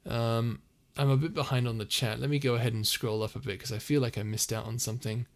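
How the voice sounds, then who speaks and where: A man's voice: medium pitch, steady tone, fast, gravelly. Easygoing young man chatting on a stream. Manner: easygoing, rambling, many fillers and restarts. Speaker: streamer and audio roleplay creator. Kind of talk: casual live-stream chat, reading comments. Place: a house, indoors.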